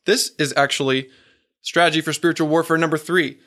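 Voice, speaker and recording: A married man preaching a sermon, earnest and emphatic, slowing down and questioning the audience. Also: fairly high pitch, fairly even intonation, fairly bright tone.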